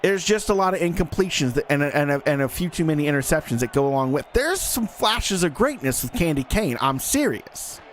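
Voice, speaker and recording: A man's voice: on the high side, a little hiss or hum. A man giving live play-by-play commentary on a simulated football game in a folksy, joking manner that talks straight to the audience.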